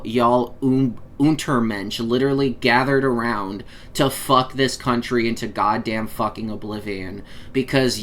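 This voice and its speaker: Male streamer host, slow sarcastic profane ranter. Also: medium pitch, fairly bright tone. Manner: sarcastic, mocking, swearing heavily. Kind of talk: profane political rant.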